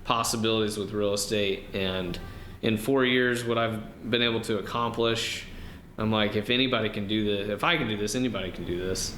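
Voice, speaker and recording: A low-pitched man speaks in a relaxed, halting way and keeps starting over. He is recorded in a roomy, echoing space with a faint hiss behind him. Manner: relaxed, hesitant, many ums and restarts. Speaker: podcast guest, real estate wholesaler. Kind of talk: casual interview answers. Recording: roomy with faint background noise.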